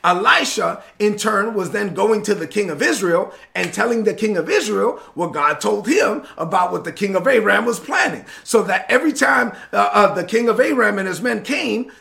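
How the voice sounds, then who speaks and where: A man's voice: sits high, gravelly, pushed and bright. A man preaching a sermon in an emphatic, repetitive cadence.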